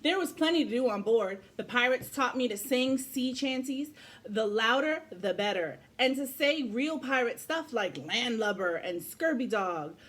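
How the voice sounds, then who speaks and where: A woman reads a picture book aloud to children, her voice on the higher side and full of movement. She tells the story expressively, bringing each page to life. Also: expressive, a little slow, a bit bright. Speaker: parent reading aloud.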